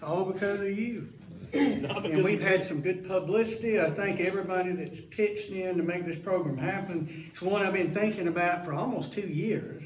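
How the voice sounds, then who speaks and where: A man's voice: high-pitched, normal speed, a little hiss or hum. A man hosting an event before a live audience, introducing a guest in a rambling, joking, chatty way. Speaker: host introducing a guest speaker. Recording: roomy hall, mic some distance away.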